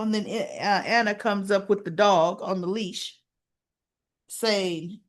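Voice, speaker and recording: A woman's voice: medium pitch, steady tone, slow pace. A woman giving a casual, chatty recap of a soap opera episode and briefly acting out the characters' lines. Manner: chatty, retells scenes and acts out the characters' lines.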